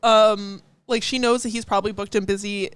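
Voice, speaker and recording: A woman's voice: mid-range voice, fairly even intonation, smooth, dry recording. Giggly woman podcaster, dry close mic. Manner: giggly, rambling, quick asides. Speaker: podcast co-host. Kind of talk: casual chat.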